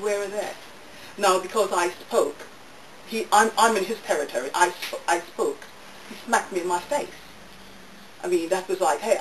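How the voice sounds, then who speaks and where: A woman gives emotional personal testimony to a live audience, her voice heard from some distance off the mic. The room is roomy and echoey, with a faint hiss underneath. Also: lowish voice. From United States. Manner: emotional, intense, repeats phrases. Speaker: speaker at a public talk. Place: bookshop event room.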